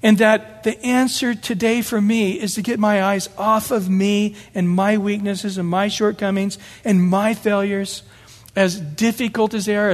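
A man preaching from the pulpit in a fairly high voice, earnest and emphatic. He stacks up repeated phrases to drive his points home. His words ring out with a long reverb, as in a big church hall. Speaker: pastor. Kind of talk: sermon.

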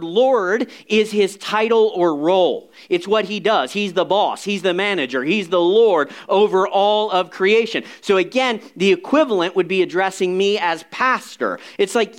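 A man who is a pastor, giving a conversational, animated sermon with casual asides to the congregation. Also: high-pitched, measured pace.

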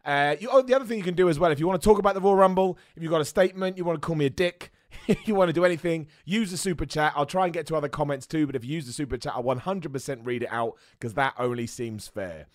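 A man hosting a wrestling show, chatting excitedly and poking fun at himself. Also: on the high side, fast, no room sound, clean studio sound. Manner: chatty, excitable, self-mocking with laughs. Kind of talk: casual commentary and super chat reading.

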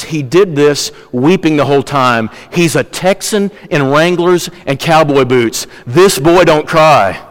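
A man preaching a sermon as a pastor, telling a story earnestly and dropping his voice low on key points. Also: big-room sound, rough recording. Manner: earnest storytelling preacher, varies pace, drops low for emphasis.

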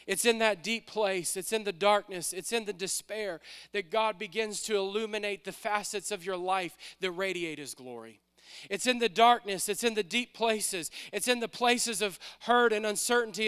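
Male pastor, sermon: high, bright, clear voice, impassioned repeating cadence, church hall reverb. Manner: impassioned, repetitive preaching cadence with slowed emphatic lines. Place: church sanctuary.

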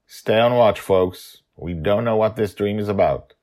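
A man's voice: lowish voice, a little slow, darkish tone, voice pushed up, natural voice. An older man voicing a cautious young male leader who gives firm, clipped orders. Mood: commanding.

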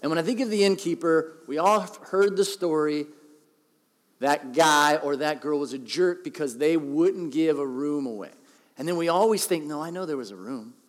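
Middle-aged male pastor, joking sermon delivery, fairly high voice, long hall reverb. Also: moderate pace. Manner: conversational, joking, animated.

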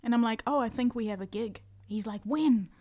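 A woman on a podcast telling an animated story, acting out the people in it. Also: on the high side, fairly quick. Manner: animated storyteller, acts out voices in quotes. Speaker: podcast guest, musician. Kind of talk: casual chat, storytelling.

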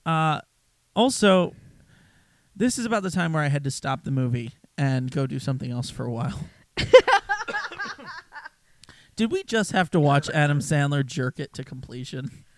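A man's voice: on the high side, expressive, normal speed, long pauses, dry recording. A man co-hosting a casual movie review chat, sarcastic and exasperated as he retells scenes. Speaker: podcast co-host.

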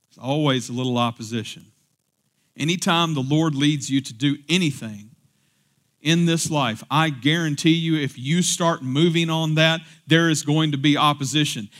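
A man's voice: a little high, normal speed, fairly bright tone. A male pastor preaching a sermon in a church, talking casually and then building to emphatic, raised peaks.

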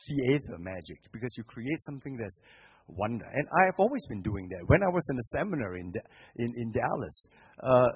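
A middle-aged man from Singapore, preaching as a guest speaker. His storytelling is animated, swinging from hushed to loud, and he often restarts his phrases. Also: medium pitch, breathy edge. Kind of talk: sermon.

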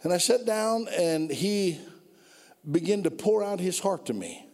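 A man preaching a sermon, telling stories and building from low, quiet passages to loud, drawn-out climaxes. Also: lively intonation. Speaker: pastor. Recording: long reverb of a hall.

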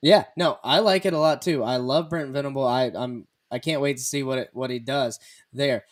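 A man's voice: mid-range voice, moderate pace. A man hosting a comedy sports podcast, rambling and joking as he lets the talk flow. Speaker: podcast host. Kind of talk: casual sports chat.

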